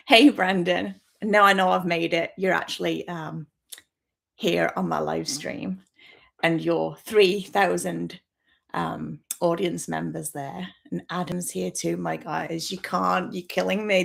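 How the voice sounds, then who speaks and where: With a lowish voice full of vocal fry, a woman in her fifties from Birmingham chats casually to viewers on her first YouTube livestream. Her West Midlands accent is softened, she laughs often and sounds nervous, and the audio comes from a built-in laptop microphone.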